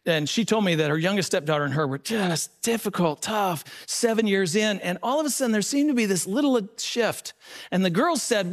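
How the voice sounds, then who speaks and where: A man's voice: animated, brisk. A man speaking to a live audience at a seminar, telling stories earnestly. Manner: storytelling, earnest, varies pitch widely.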